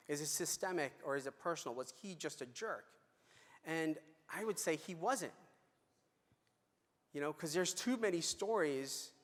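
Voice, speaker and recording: A man's voice: a little high, fairly bright tone. Man telling stories in a reverberant hall. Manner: storytelling, conversational with fillers and restarts. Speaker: conference speaker. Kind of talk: conference keynote talk. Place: large conference hall.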